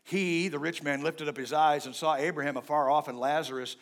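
A pastor preaching a sermon in a joking, conversational way, swinging between loud and soft. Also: male voice, a little high, fairly even intonation, fairly quick.

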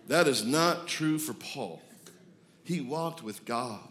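A man, preaching a sermon, moving from hushed reflection to loud, excited declarations. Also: medium pitch, normal speed, gravelly. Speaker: pastor.

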